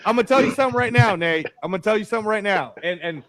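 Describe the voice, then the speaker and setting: A man hosting a casual sports podcast, animated and rambling, calling people "bro" and "man". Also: sits high, very fast, no room sound. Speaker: podcast host.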